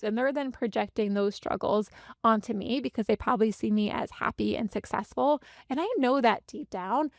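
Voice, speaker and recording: A woman in her thirties gives a candid, heartfelt podcast monologue. Her voice sits a little high and carries a gravelly fry. The sound is dry and close, with no room in it. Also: no room sound. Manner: earnest, heartfelt, speeds up and slows down for emphasis. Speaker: podcast host and business coach.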